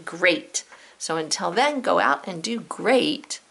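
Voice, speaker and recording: Female teacher, bright gravelly voice, animated and encouraging with young pupils. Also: lowish voice, slow pace. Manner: animated, encouraging, speaks directly to kids. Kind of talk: children's lesson to camera.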